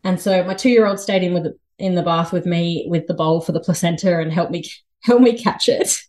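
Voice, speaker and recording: A woman in her thirties with an Australian accent, a podcast guest telling a story in a lively, chatty way and laughing often. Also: lowish voice, moderate pace. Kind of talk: casual storytelling interview.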